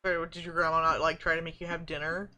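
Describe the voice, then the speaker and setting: A young woman streaming a story game, reading it aloud and reacting with loud swearing and excited shrieks. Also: low-pitched, fast. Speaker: streamer playing and voicing a game. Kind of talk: casual gameplay commentary with voiced reading.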